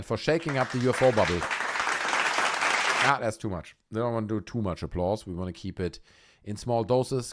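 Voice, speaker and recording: Animated sarcastic male livestream host. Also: lowish voice. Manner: sarcastic, mocking, puts on silly voices. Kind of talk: casual live commentary.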